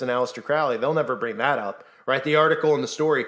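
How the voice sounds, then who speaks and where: A man's voice: medium pitch, fast, a bit bright. A man talking to camera on his own channel, urgent and insistent, firing off rhetorical questions and acting out the voices he quotes. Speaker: Christian YouTuber. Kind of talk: impassioned monologue.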